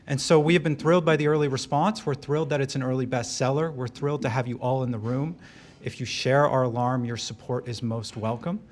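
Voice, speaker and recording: A man giving a live speech at an event, wry and joking, with quick asides to the room. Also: mid-range voice, fairly even intonation. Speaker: event speaker and director of an advocacy group.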